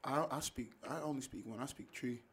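A young man from Ghana, a college athlete, chatting casually as a podcast guest in a laid-back, slangy, halting way. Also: mid-range voice, a bit bright. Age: young adult.

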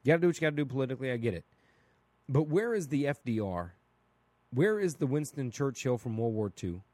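Guy ranting on his own podcast, blunt and animated, keeps going "right?", dry close sound. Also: medium pitch, fast talker, dry recording. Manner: casual and blunt, with mild swearing. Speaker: podcast host. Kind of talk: opinionated solo podcast monologue.

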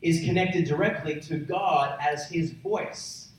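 A man preaching a sermon to a congregation, emphatic and building to loud peaks. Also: on the high side, slow pace. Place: large church hall. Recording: echoey hall from far off.

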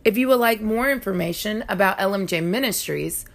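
A woman's voice: mid-range voice, brisk, vocal fry. A woman giving an upbeat podcast outro announcement. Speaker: podcast host.

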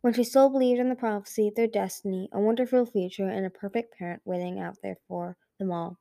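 A woman reads a fantasy novel aloud in a casual, homemade style. Her tone is mellow and dark, and she sometimes stumbles and restarts a phrase. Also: mid-range voice, fairly even intonation, fairly quick, vocal fry, dry recording. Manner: casual reading with some slips and restarts. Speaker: audiobook reader. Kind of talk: amateur audiobook narration.

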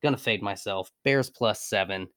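A man's voice: on the low side, moderate pace, fairly bright tone, no echo, clean studio sound. A man co-hosting a podcast, rambling playfully and swearing about his football picks. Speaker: podcast co-host. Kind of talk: casual sports betting chat.

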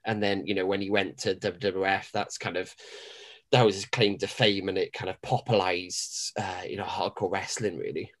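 A man's voice: deep voice, steady tone, moderate pace. Enthusiastic man chatting. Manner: enthusiastic, rambling, laughs often. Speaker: podcast co-host. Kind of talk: casual chat.

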